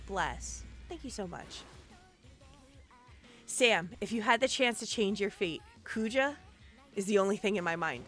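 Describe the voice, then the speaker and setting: Woman game streamer, lively and bright, gasps and exclaims, soft game music under. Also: medium pitch, measured pace, long pauses. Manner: animated, chatty, exclaims and gasps often. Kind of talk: casual gameplay commentary.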